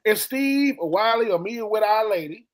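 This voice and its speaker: A man co-hosting a casual sports podcast, talking in an animated, joking way and acting out the people he quotes. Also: sits high, moderate pace, rough recording. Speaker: podcast co-host.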